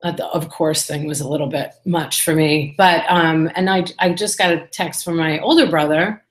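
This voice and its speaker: A woman's voice: low voice, steady tone, moderate pace, echoey room. A woman talking candidly to the camera in a casual personal vlog, rambling and chatty with lots of fillers. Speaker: vlogger.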